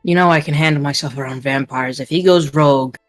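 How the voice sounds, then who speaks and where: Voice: mid-range voice, brisk, soft background music. A player in a tabletop game speaking casually with many fillers. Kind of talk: tabletop role-play banter.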